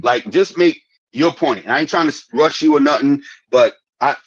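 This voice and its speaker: A man hosting a casual live panel discussion, stepping in again and again to calm people down and keep things on topic. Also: a little high, normal speed, breathy edge, dry recording, dull audio. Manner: keeps stepping in to calm the panel, repeats "hold on" and "chill". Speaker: host and moderator.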